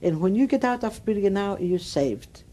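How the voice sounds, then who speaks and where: Elderly Greek woman with mellow voice. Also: mid-range voice, lively intonation, moderate pace. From Greece. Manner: broken English, emphatic and repetitive storytelling. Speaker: Holocaust survivor interviewee. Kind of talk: oral history interview.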